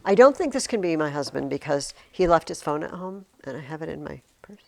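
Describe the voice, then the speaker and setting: A woman's voice: sits low, animated, brisk, creaky, warm tone. A woman teacher giving a classroom lesson, talking emphatically and often restarting her words. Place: classroom with curtains on the walls. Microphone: recording device in the classroom.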